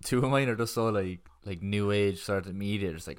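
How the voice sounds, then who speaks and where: Sweary rambling Irish man, low voice. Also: brisk, clean tone. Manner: rambling, sweary, lots of filler "like". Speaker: podcast co-host. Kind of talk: casual chat.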